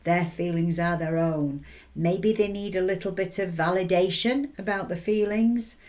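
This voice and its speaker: A woman's voice: fairly low pitch, a little slow, darkish tone. A woman giving chatty, encouraging life advice, often checking in with the listener through little tag questions. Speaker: intuitive reader and advice giver. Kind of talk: motivational advice talk to camera.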